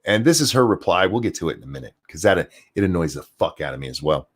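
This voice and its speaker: A man's voice: low-pitched, lively intonation, fast talker, breathy edge. A man hosting a commentary show, ranting sarcastically with frequent swearing and stammered restarts. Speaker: commentary channel host.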